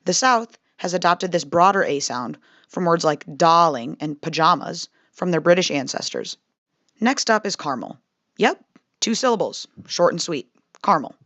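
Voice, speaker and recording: A woman's voice: fairly low pitch, animated, normal speed, a bit bright, no room sound. A young woman with a Midwestern American accent, reading a scripted narration in a wry, conversational way. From Midwestern United States. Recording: slightly dull, dry voice-over.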